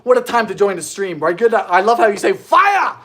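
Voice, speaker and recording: A young Bermudian man with a mild local accent hosts a baking live stream, chatting in an animated, theatrical, jokey way as he bakes. His voice is high-pitched and his pace moderate, with slight background noise in the clip.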